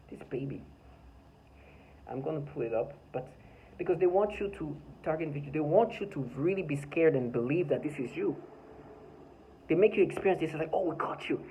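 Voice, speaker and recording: A man's voice: mid-range voice, dark tone, a little hiss or hum, rough recording. A man talking by his front door in an agitated, rambling vlog monologue, full of stammered restarts and bitter laughs. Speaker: vlogger.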